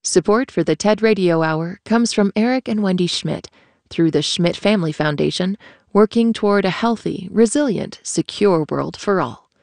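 Woman reading sponsor credits, formal and even, super dry studio sound. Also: medium pitch, normal speed, creaky, dry recording. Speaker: sponsor announcer. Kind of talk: read funding credits.

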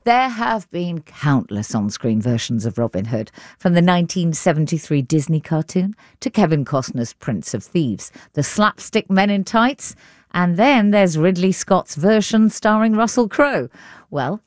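Deep-voiced woman radio presenter. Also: expressive, a little mellow, no room sound. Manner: measured, clear introductions. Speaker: radio arts show presenter. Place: radio studio.

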